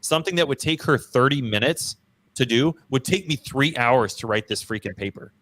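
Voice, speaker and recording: A man's voice: medium pitch, animated, normal speed, fairly bright tone. A man hosting a casual podcast, telling his own story in a slangy, self-deprecating, emphatic way. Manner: slangy, storytelling, frequent "bro" and "dude". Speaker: podcast host.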